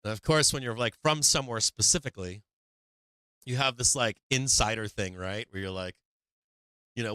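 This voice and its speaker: A man's voice: medium pitch, lively intonation, moderate pace, fairly bright tone, clear, resonant tone, no room sound. An older man from Boston with a Boston accent, hosting a livestream and telling a rambling story in casual chat, laughing often and swearing freely. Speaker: livestream host.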